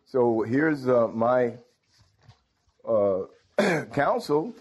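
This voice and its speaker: A man preaching a sermon in an emphatic manner, rising often into high, ringing exclamations of praise. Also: very animated, drawn-out words, a little mellow. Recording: dull lo-fi sound.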